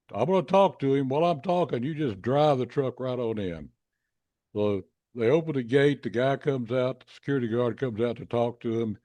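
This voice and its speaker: A man casually telling a long anecdote, acting out the people in it with big jumps in his voice. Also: no room sound. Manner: animated, acts out quoted voices with pitch jumps.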